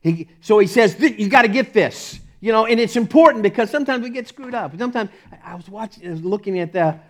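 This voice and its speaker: A fervent male pastor with a fairly high voice delivers a sermon. He drops to near-whispers on repeated phrases, then builds to ringing declarations, stumbling over restarts and chuckling as he goes. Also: lively intonation, quick pace. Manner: impassioned, swings from hushed to loud with restarts and chuckles.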